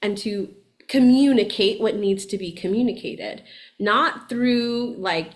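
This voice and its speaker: A woman's voice: medium pitch, moderate pace. Chatty woman coaching, asking "right?". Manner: chatty, animated, often asks "right?"; laughs often while talking. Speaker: podcast host and spiritual coach. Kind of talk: casual coaching talk.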